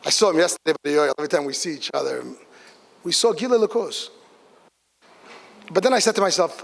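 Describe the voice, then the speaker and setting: A middle-aged man giving a lively storytelling speech to a gathering in a large hall, breaking into excited exclamations. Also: fairly high pitch, fast talker, creaky, long pauses. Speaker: speaker at a community gathering. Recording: long reverb of a big hall.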